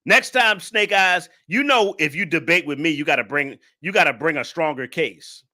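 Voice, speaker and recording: A man's voice: fairly high pitch, normal speed, pushed and bright. A man hosting a live stream reaction, talking to his chat in a mocking, laughing way.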